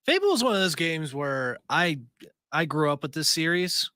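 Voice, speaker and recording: Bright-toned man chatting enthusiastically. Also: fairly high pitch, sing-song, moderate pace, no echo, studio quality. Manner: enthusiastic, rambling with fillers. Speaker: podcast co-host. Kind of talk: casual panel chat.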